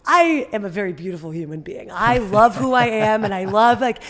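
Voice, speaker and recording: A young woman from Northern California, a podcast guest, talking casually and acting out quotes with big leaps in her voice. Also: fairly quick. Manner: animated storyteller, acts out quotes with big jumps up in pitch. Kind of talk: casual interview chat.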